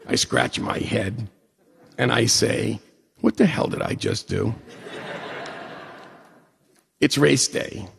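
A man's voice: medium pitch, gravelly, husky. A man in his forties or older, telling a personal story with humor and acting out the dialogue. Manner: animated, self-mocking, acts out dialogue. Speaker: storyteller on stage. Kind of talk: personal story told to an audience. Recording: long hall reverb.

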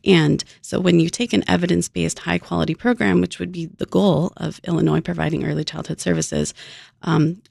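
A researcher answering interview questions in a halting way with frequent pauses and ums. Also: medium pitch, fairly even intonation, creaky, darkish tone, breathy edge, no echo, clean studio sound. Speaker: researcher guest.

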